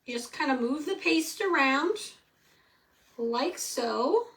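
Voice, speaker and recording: A woman's voice: sits high, animated, takes it slowly, a bit bright, recorded from a distance. A middle-aged woman hosting a live craft tutorial, chatty and answering viewer comments as she works. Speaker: craft tutorial host selling supplies.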